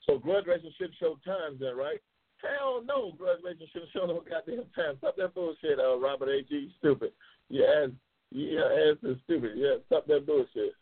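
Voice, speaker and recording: Fired-up, foul-mouthed male show host from New York City, husky voice, heard through a thin phone-quality line. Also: on the high side, normal speed. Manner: loud, emphatic, heavily profane, passionate. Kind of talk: profane live show talk, reading viewer comments. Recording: tinny phone-like audio.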